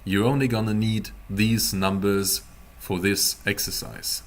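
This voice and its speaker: A man teaching a beginner language class, explaining pronunciation slowly in a playful, teasing way. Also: on the low side, steady tone. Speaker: German teacher.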